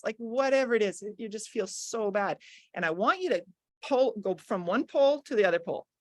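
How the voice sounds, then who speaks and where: Middle-aged lady guiding a call exercise, bubbly then hushed, dry close sound. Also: fairly high pitch, no room sound. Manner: lively, coaching, swings between bubbly and hushed. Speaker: workshop guest leading the call. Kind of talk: guided visualization on a group call.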